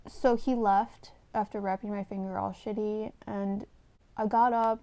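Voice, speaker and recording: Woman vlogger rambling through a personal story, lots of vocal fry, swears a lot, kinda emotional and confessional, dry sound. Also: medium pitch, flat delivery, a little slow, mellow, no room sound. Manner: candid and rambling, with many fillers and swearing. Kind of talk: casual storytime.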